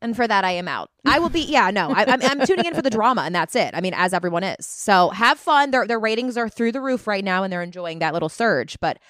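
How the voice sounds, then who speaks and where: A woman co-hosting a podcast in casual chat, playful and quick with quips, jumping up in pitch when excited. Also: no room sound, clean studio sound. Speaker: podcast co-host.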